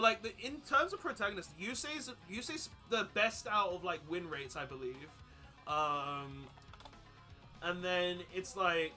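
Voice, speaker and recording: Chatty high-voiced man streaming. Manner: rambling, chatty, with loud excited outbursts. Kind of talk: casual live-stream commentary while playing.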